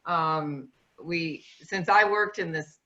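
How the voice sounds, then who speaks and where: A woman adding her own reflections at a talk, in a measured, thoughtful way. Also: sits low, bright, forceful tone. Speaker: co-speaker. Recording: dull lo-fi recording.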